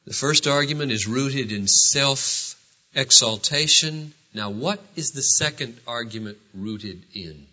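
A man preaching a sermon in a church, asking rhetorical questions with animated delivery. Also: medium pitch, takes it slowly. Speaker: pastor. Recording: dull lo-fi sermon recording.

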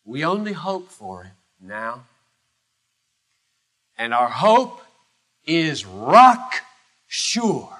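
A man preaching a sermon as pastor, emphatic, swinging from loud declarations to hushed low phrases with long pauses. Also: very animated.

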